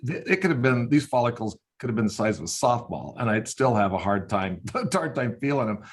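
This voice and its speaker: An older man, a veterinarian, telling casual stories with lively sound effects. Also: mid-range voice, brisk. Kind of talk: casual storytelling.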